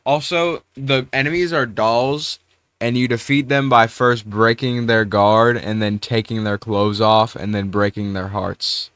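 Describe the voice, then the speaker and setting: A man's voice: fairly low pitch, fairly even intonation, measured pace, a bit bright, clean tone, no echo. A young man doing let's play commentary with theatrical, mock-threatening trash talk at the game. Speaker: gamer.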